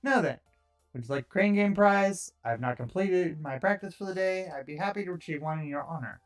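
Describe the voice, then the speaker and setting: A man's voice: high-pitched, a little fast, faint music behind, natural voice. A man voicing a courtly, roguish male arcade thief with theatrical, old-fashioned phrasing, reading a visual novel aloud. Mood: boastful.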